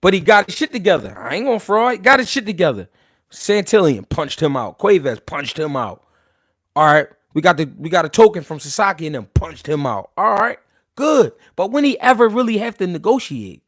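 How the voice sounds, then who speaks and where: A man hosting a boxing talk livestream, brash and rapid-fire, full of slang and cursing. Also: on the high side, animated, no echo, clean studio sound. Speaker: boxing talk show host. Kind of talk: profane livestream commentary.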